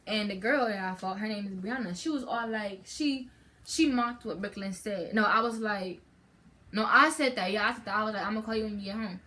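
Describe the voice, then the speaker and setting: In a bright, forceful, mid-range voice at a moderate pace, a teenage girl tells her channel a rambling storytime. It's chatty and loose, with frequent restarts and plenty of "like" and "um".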